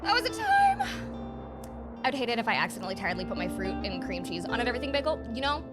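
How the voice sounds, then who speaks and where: A young adult woman streaming a game, chatting playfully and reading chat aloud, sometimes softening into a quiet mock accent. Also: medium pitch, animated, racing. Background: game music playing.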